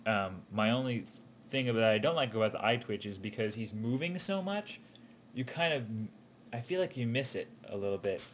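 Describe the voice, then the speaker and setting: A man's voice: mid-range voice, expressive, normal speed, a little hiss or hum. A man giving an animation student casual, encouraging feedback, hesitating with frequent ums and restarts. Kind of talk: casual spoken critique.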